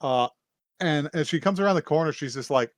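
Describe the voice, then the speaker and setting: A man's voice: fairly high pitch, fairly quick, dry recording, studio quality. A man co-hosting a podcast, casually retelling a story in a loose, rambling way, swearing freely and often laughing. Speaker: podcast co-host. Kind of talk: casual recap chat.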